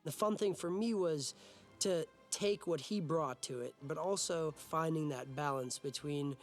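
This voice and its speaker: A young man, an actor, talking quickly and animatedly in an interview about his role. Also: on the high side, soft background music. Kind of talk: interview for a behind-the-scenes featurette.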